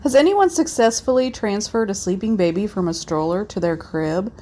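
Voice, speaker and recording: A woman's voice: medium pitch, animated, normal speed, mellow, slight background noise. A woman in her thirties co-hosting a podcast, reading funny parenting tweets in a wry, casual way. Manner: wry, laughs at her own jokes. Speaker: podcast co-host. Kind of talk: casual chat.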